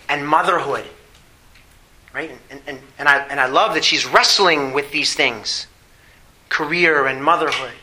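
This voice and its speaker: A middle-aged man preaching a sermon, asking the congregation questions and slowing down on key phrases. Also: fairly high pitch, pushed and bright, low-quality recording. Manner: preaching with rhetorical questions and emphatic slow phrases. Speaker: pastor.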